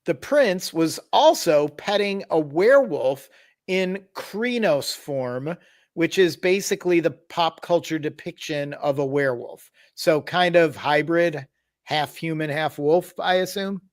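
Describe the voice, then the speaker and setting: A man's voice: on the high side, a little slow. A man hosting a podcast, casually telling a tabletop horror story with wry asides and explanations. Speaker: podcast host.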